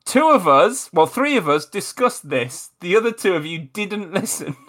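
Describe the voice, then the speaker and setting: A man's voice: high-pitched, very animated, normal speed, a bit bright, dry recording. A man hosting a comedy podcast, with dry, wry banter. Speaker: podcast host. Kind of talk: casual improv banter.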